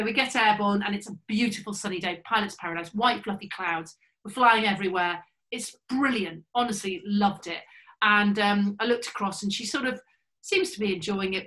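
A woman tells an anecdote with lots of energy. Her voice is bright and clear. She acts out the other people's lines as she goes. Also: mid-range voice, poor audio. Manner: lively, animated storyteller who acts out voices. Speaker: former RAF pilot and speaker. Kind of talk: anecdotal storytelling in conversation.

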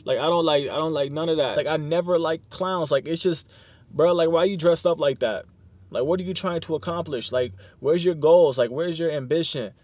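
A man's voice: a little high, moderate pace, darkish tone, no room sound. A young man vlogging from inside his car, talking loose and slangy, peppered with "like" and swearing, tired and sleep deprived. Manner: loose slangy rambling, heavy use of "like", cursing. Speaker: YouTube vlogger. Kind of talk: casual vlog talk to camera.

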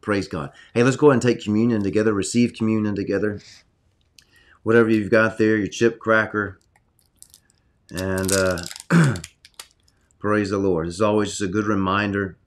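A middle-aged man with a fairly low voice leads a livestreamed sermon from his home study. He preaches with earnest, excitable energy and moves into prayer. His delivery stays personal and direct. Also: moderate pace, long pauses. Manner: earnest, excitable preaching, reads prophecy aloud. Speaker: pastor hosting a weekly healing livestream.

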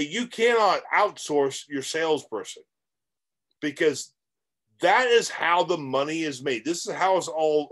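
A middle-aged man talks straight to camera as a real estate coach. His voice sits fairly high for a man and swings widely in pitch as he leans on words, rambles and cracks jokes at his own expense. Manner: animated, rambling and emphatic, with self-aware jokes and laughs. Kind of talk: direct-to-camera coaching monologue.

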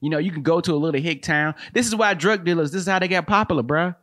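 A man's voice: fairly high pitch, fast talker, fairly bright tone, dry recording, studio quality. A man hosting a podcast, riffing comedically in a rambling way with lots of slang and laughter.

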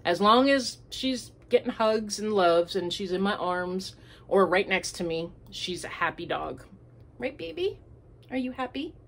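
A woman's voice: fairly low pitch, a little slow, slight background noise. A woman hosting a home crafting podcast, chatting casually in a rambling way. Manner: chatty and rambling, with many fillers. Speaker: crochet podcast host. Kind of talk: casual chat.

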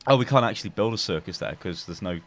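A man bantering over a video game, boastful, sweary and quick to laugh. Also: lowish voice, expressive. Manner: boisterous, sweary, giggly mock-pompous bragging. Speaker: gamer playing with a friend. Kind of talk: casual gaming banter.

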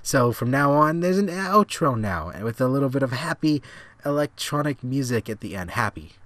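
A man hosting a gaming channel, giving rambling casual commentary with sudden excited outbursts at the game. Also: mid-range voice, brisk, no echo.

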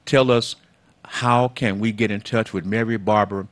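A fairly low-voiced man runs a call-in talk show in a folksy, easygoing way. He leans on words for emphasis and talks to his callers like old friends. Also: fairly even intonation. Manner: folksy, drawn-out emphasis, calls guests baby.

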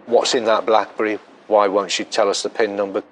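Deep-voiced police detective. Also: male voice, flat delivery, slight background noise, poor audio. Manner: measured, with frequent ums and restarts. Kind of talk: documentary interview.

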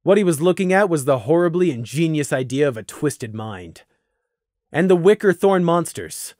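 Expressive male narrator, dry and close. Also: on the high side, moderate pace, dry recording. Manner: expressive, dramatic reading. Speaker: audiobook narrator. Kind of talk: scripted fan fiction narration.

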